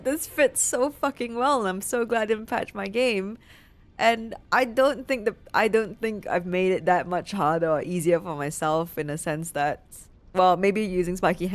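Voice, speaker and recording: Gushing, emotional young woman gamer. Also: fairly low pitch. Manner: gushing and emotional, swears casually, reads item text aloud. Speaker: gameplay streamer. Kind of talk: excited gameplay commentary.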